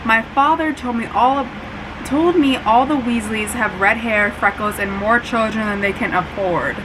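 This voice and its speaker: A woman's voice: fairly high pitch, normal speed, lightly acted. A woman voicing a snarky, arrogant schoolboy wizard in a put-on British accent, with a fan humming behind her. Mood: sneering. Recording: steady fan hum behind.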